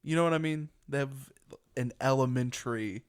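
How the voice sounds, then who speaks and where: A man's voice: medium pitch, normal speed, clear, resonant tone. A young man co-hosting a casual podcast, talking in a rambling, chatty way and laughing often. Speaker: podcast co-host.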